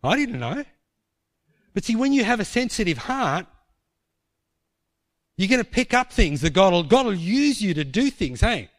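A man's voice: high voice, big pitch swings, moderate pace, pauses often, dry recording, clean studio sound. A man preaching a sermon, telling a personal story in vivid scenes, often restarting his sentences.

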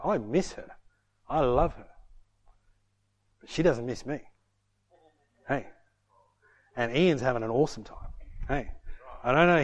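A man's voice: mid-range voice, darkish tone. A middle-aged man preaching a sermon, emphatic and punctuating his points with "hey". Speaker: pastor.

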